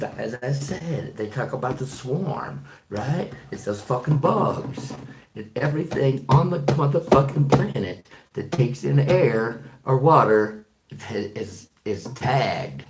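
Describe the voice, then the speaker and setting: A man's voice: mid-range voice, vocal fry, darkish tone. A man who drives trucks, talking in a rambling, profane monologue full of fillers and restarts. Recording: echoey room.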